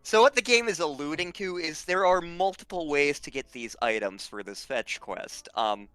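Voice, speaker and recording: A host walking listeners through the game in casual commentary, pausing on fillers. Their pitch swings in a lively way. The sound is close and dry, with faint music underneath. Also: clear, resonant tone, dry recording. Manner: explains game mechanics, uses fillers like um. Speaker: let's play host.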